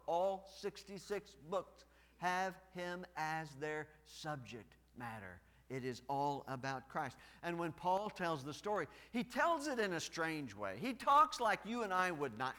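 A pastor preaching with bright, forceful energy and a somewhat high voice. He hammers on repeated phrases and rises to loud emphasis. His voice rings through a church sanctuary with a long reverb. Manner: builds from a hushed prayer to loud, emphatic preaching with heavy repetition. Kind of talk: sermon.

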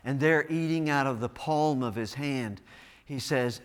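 A man preaching a sermon as pastor. He repeats phrases over and over and builds to loud, emphatic delivery. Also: mid-range voice, unhurried. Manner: builds from a hushed prayer to loud, emphatic preaching with heavy repetition. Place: church sanctuary. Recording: church hall reverb.

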